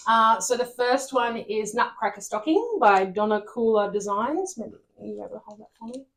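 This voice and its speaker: A woman's voice: a little high, lively intonation, moderate pace, fairly bright tone. A woman co-hosting a cross stitch video, chatting casually and laughing through her words. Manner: chatty, laughing while she talks. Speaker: co-host of a cross stitch channel. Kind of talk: casual chat.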